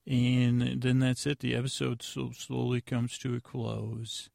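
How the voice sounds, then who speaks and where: A man hosting a podcast, giving a rambling, deadpan comedic recap of an episode with lots of fillers and restarts. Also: mid-range voice, measured pace, creaky, dry recording, clean studio sound. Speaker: podcast host.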